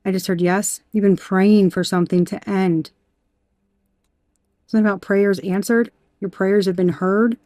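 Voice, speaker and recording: A woman's voice: mid-range voice, normal speed, no echo. Emphatic woman doing a tarot reading. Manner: emphatic, animated, swears, talks to the viewer. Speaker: tarot reader.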